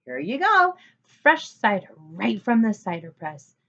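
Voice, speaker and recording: A woman's voice: medium pitch, big pitch swings, unhurried, pushed and bright, lo-fi sound, heavily acted. A woman voicing a friendly male farmer who encourages children in a storybook reading. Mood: kindly. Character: friendly male farmer, older, kindly host.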